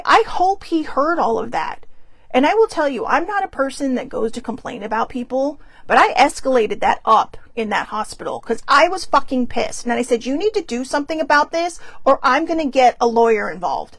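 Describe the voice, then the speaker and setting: A woman's voice: sits high, vocal fry, dry recording. A middle-aged woman, hosting a show and telling a story casually, bluntly and with profanity, acting out the people she quotes. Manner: blunt, profane, animated retelling with quoted voices. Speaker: podcast host.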